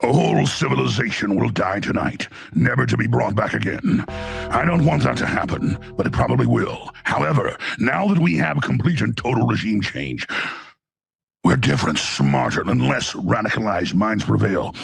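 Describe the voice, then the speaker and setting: Man putting on a cold, gravelly dark lord, low and ominous, husky edge. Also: lively intonation, no echo, soft background music, full character voice. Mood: menacing. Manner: slow ominous proclamation. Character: menacing armored male dark lord, deep and cold. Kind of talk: played commentary clip with impression.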